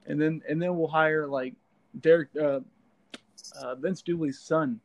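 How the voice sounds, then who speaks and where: Reflective man, slightly high. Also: steady tone, measured pace. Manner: reflective, explains with "like" asides. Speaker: podcast co-host. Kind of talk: casual sports talk.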